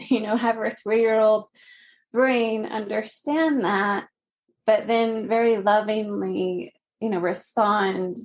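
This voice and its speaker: A woman in her thirties telling a personal story as a podcast guest, earnest and gently laughing between phrases. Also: mid-range voice, steady tone, takes it slowly.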